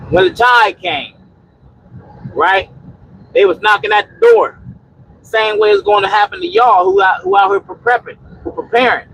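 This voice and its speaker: A man talks into his phone from a truck cab, his voice pitched high with a rough, gravelly edge. He preaches and repeats himself, rambling through restarts as he chats with viewers over a faint vehicle hum. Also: a bit bright, rough recording. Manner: preachy, repetitive exhortation; rambling with many restarts and "you know". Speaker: trucker and homesteading livestream host. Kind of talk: casual livestream talk, answering chat.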